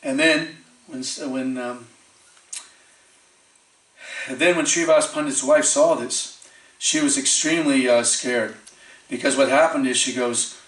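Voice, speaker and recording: A man giving a storytelling sermon as a preacher, lively, acting out the quoted voices of the people in his story and chuckling often. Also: medium pitch, unhurried, pauses often. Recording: echoey temple hall from far off.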